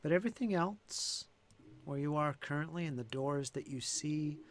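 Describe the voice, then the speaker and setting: A man's voice: a little high, normal speed. A man running a tabletop game as game master, thinking aloud with fillers and restarts.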